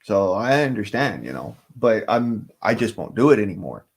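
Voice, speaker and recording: A man's voice: on the low side, very animated, normal speed, husky. A man talking casually on a livestream, rambling from thought to thought and swearing often.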